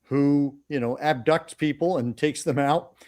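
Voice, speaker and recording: A man hosting a casual horror movie podcast, chatty and explaining plots with quick asides. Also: a little high, darkish tone. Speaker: podcast host. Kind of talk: casual chat.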